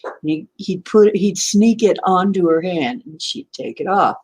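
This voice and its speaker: Low-voiced woman host, unhurried rambling story, breathy and laughs a lot. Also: darkish tone. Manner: rambling, self-correcting, laughs often. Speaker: channel host. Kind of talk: casual storytelling to camera.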